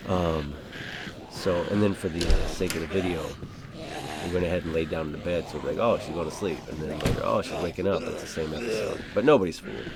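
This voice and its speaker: Casting: low-pitched man, rambling easygoing gaming host, game noise audible underneath. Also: fast talker. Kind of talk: casual gameplay commentary.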